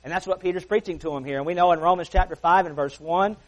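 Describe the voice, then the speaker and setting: A man preaching a sermon in a church service in an earnest, folksy way, swelling on key words and then dropping low and soft. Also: fast talker, muffled recording. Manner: folksy asides.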